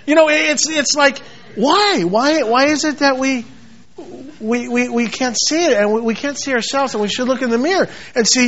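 A man's voice: very high-pitched, moderate pace, fairly bright tone. A man preaching a sermon with passion, repeating phrases and acting out quoted scripture. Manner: passionate, repetitive, quotes scripture in acted voices. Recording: dull lo-fi sound.

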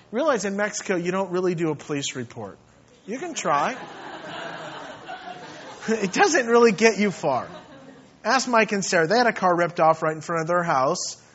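Earnest high-voiced man preaching. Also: fairly bright tone, highs cut off. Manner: earnest, repeats words, rising to emphatic questions. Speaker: pastor. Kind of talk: sermon. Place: church.

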